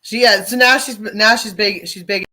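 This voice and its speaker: A woman's voice: mid-range voice, fairly even intonation, normal speed, sharp tone. Chatty woman rambling through reaction clips. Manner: chatty, rambling, apologetic asides. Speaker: host reacting to videos. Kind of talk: casual chat.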